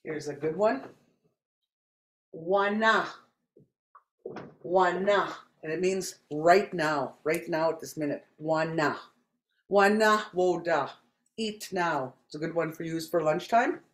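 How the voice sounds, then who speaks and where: A language teacher from Saskatchewan, Canada, giving a spoken lesson and repeating each word slowly and deliberately. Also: medium pitch, fairly bright tone, roomy sound.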